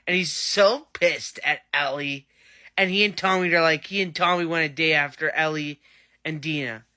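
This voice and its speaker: A man with a somewhat high, pushed, bright voice and a clean tone chats casually about a TV episode. He reviews it like an eager fan, rambling and full of enthusiasm.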